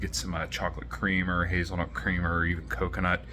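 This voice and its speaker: A man doing a relaxed, casual sponsor read with many ums. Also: low-pitched, fairly quick, background noise. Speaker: podcast host reading an ad.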